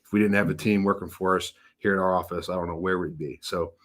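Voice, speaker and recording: A man's voice: low voice, steady tone, fast talker, a bit bright. Upbeat folksy man hosting a webinar. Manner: folksy, upbeat, acts out voices in anecdotes. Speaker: financial advisor hosting a webinar. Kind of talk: casual webinar presentation with storytelling.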